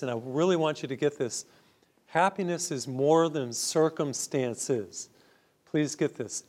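A middle-aged male priest giving a homily, telling a personal story in a conversational, earnest way and stressing his point with repetition. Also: medium pitch.

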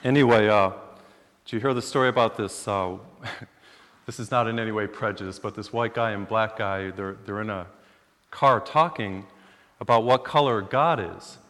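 Joke-telling priest in a reverberant hall. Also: male voice, fairly low pitch, moderate pace, fairly bright tone. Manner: casual, chatty, joke-telling with fillers. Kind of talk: joking retreat sermon. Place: church or retreat hall.

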